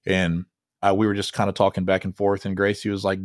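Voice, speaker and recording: A man hosting a podcast in a low, relaxed voice. He rambles and jokes casually, heard on a dry, close microphone. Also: a little fast, no echo. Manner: laid-back, rambling, joking. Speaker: podcast host.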